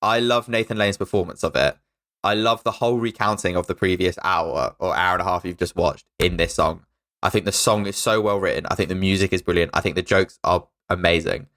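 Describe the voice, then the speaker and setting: A man's voice: low-pitched, steady tone, brisk, a bit bright. A man co-hosting a podcast, chatting eagerly about a film and acting out its lines. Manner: enthusiastic, quotes film lines in put-on voices. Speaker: podcast co-host. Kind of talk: casual film review chat.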